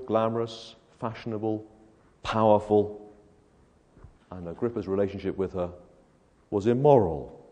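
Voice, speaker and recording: A man preaching an evangelistic sermon, firing rhetorical questions and swinging between hushed and loud delivery. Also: on the low side. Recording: echoey hall.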